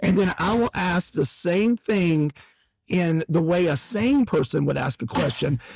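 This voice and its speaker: Middle aged pastor guy cohosting, teasing deadpan jokes, high gravelly voice. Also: measured pace, no echo. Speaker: podcast co-host and pastor. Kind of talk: casual banter.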